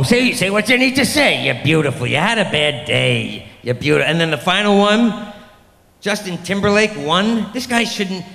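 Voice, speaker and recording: A male stand-up comedian with a gravelly, raspy edge on a pitch a little above average. He rambles crudely and sarcastically between mocking impressions. His voice carries a long reverb from a live club. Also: fairly bright tone.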